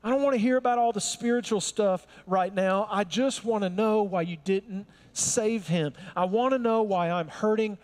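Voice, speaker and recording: A man's voice: sits high, normal speed, few pauses, darkish tone, big-room sound, voice pushed up, lightly acted. Martha, an exasperated grieving woman, as a man puts her on. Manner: sarcastic, exasperated.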